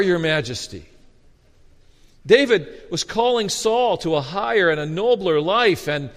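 A man preaching a sermon as a pastor, animated and storytelling with humor, often restarting his words. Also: sits high, a little slow. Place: church sanctuary. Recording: long reverb of a hall.

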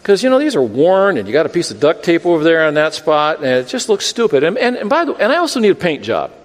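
A preacher voicing a petulant talking car that stammers out a list of complaints. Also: male voice, fairly high pitch, wildly swooping pitch, fast talker, in a large hall. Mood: whiny demanding. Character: fussy male talking car, demanding and petulant.

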